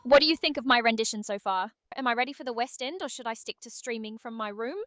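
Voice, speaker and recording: A text-to-speech woman's voice co-hosting a stream, putting on an over-the-top posh British accent with an even, synthetic delivery. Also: fairly high pitch, fast, no echo. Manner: synthetic, evenly paced delivery. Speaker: AI stream co-host. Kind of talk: casual stream chat.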